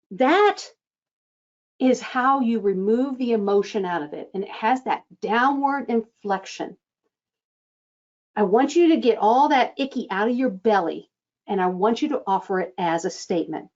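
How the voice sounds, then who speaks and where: A woman coaching front-desk staff on phone scheduling, acting out sample lines with lively changes of tone. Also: mid-range voice, dull audio. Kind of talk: instructional talk.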